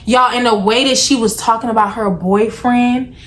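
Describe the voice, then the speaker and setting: A young adult woman vlogger casually retelling a story, animated and slangy, acting out the lines of the people in it. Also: fairly high pitch, moderate pace.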